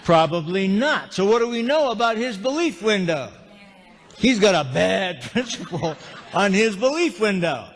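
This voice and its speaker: A man's voice: sits high, very animated, normal speed. A man giving a live seminar talk, telling humorous stories and asking the audience questions. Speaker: motivational speaker. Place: large lecture hall with live audience. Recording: long hall reverb.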